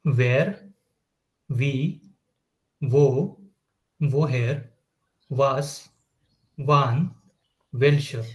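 A man's voice: mid-range voice, very slow, pauses often, muffled recording. A man reading aloud carefully as a student in a language class.

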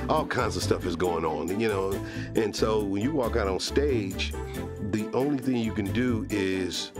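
A male comedian in an interview, rambling and searching for words. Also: lowish voice.

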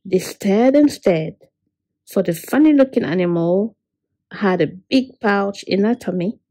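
A woman reading a picture book aloud to a child in a slow, animated, sing-song way. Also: mid-range voice, poor audio. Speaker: vlogger reading a story.

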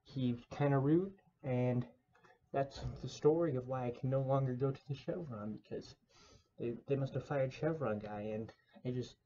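A man's voice: medium pitch, normal speed, warm tone, muffled recording. A young man telling a rambling story to camera, casual and mock-dramatic, with lots of fillers.

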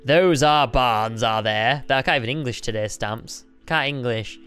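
A man hosting a casual building-game video, playful and excitable, joking about himself. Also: medium pitch, measured pace, clear, resonant tone, soft background music. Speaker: YouTube host. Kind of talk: casual let's-play chat.

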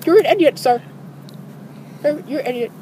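Squeaky, touchy schoolboy customer. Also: male voice, animated, normal speed, warm tone. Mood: irritated. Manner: insists the odd voice is his real accent. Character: squeaky-voiced young male customer, touchy and foul-mouthed. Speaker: prank caller. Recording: phone call with background noise.

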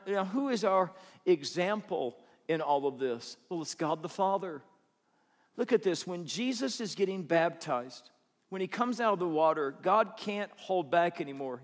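A man delivers a sermon as a pastor. His voice sits high for a man. He leans on repeated phrases to drive points home, and the sound carries a long reverb from a big church auditorium. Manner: emphatic, repeats phrases for weight.

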